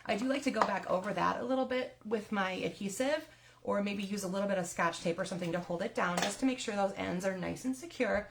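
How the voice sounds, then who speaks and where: A woman's voice: medium pitch, fast talker, creaky, a little hiss or hum. A woman leading a live card-making tutorial, chatty and step-by-step, sometimes laughing at her own slips.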